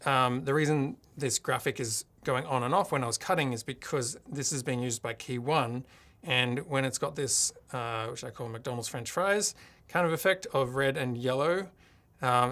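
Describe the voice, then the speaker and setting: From his home streaming setup, an Australian host talks casually through a live tech tutorial, thinking aloud as he operates his gear. His medium-pitched voice moves at a moderate pace and sounds a bit bright.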